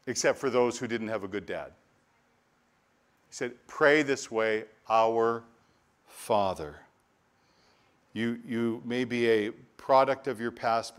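A male pastor preaching a sermon, earnest and conversational, often restarting and repeating words, lively when telling stories. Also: lowish voice. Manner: earnest preaching with repetitions and restarts, animated storytelling asides.

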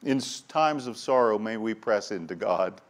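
A man preaching a sermon with passion, dropping to a hush and then building to loud, urgent cries, often repeating words as he restarts. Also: fairly low pitch, expressive, normal speed. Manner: impassioned, swings from hushed to loud and urgent. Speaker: pastor.

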